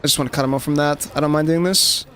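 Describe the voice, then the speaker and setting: A man's voice: a little high, fairly even intonation, fast talker, fairly bright tone, a little hiss or hum. A young man streaming a game, giving casual running commentary full of "like" fillers and chatting to his viewers. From South Africa. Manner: casual, chatty, lots of "like" fillers, addresses chat. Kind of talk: live gameplay commentary.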